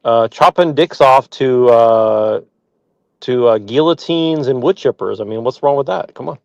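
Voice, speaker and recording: A man's voice: mid-range voice, measured pace, gravelly, a little mellow, no room sound. A man co-hosting a podcast in casual chat, sarcastic, often stammering and restarting his sentences. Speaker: podcast co-host. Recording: dull lo-fi mic.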